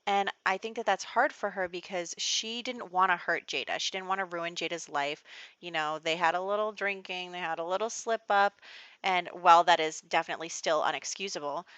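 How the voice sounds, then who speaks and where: A woman's voice: lowish voice, a bit bright, dry recording, muffled recording. A woman narrating a life-simulation game in a casual, chatty way, full of "like" and "you know". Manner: chatty, filler-heavy storytelling. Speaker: gameplay narrator. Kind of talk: casual let's play commentary.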